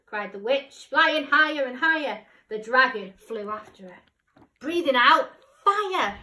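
A woman teacher reading a picture book aloud, expressive, dropping to whispers and rising to loud cries. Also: high voice, a little slow. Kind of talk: storybook read-aloud. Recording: roomy, distant mic.

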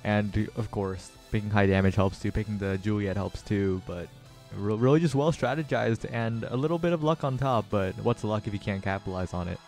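A man casting a live esports tournament with energetic play-by-play that rises with the action. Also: on the low side, fairly quick, faint music behind. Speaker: esports caster.

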